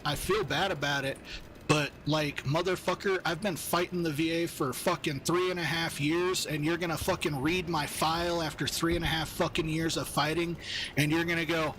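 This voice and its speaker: Angry guy streaming, cussing and rambling, kinda high pitched. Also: fairly even intonation, moderate pace, fairly bright tone, slight background noise. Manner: heated, profane, rambling. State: angry, steamed up. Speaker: gaming streamer. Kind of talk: casual ranting chat while gaming.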